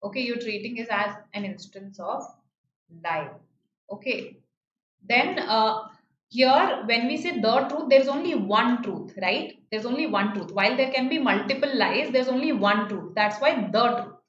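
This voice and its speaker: A woman's voice: a little high, animated, a little slow, fairly bright tone. Patient woman teaching grammar, Indian English. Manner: explains patiently, repeats key phrases, checks with "right?". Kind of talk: online grammar lesson. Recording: slightly dull, roomy, faint noise.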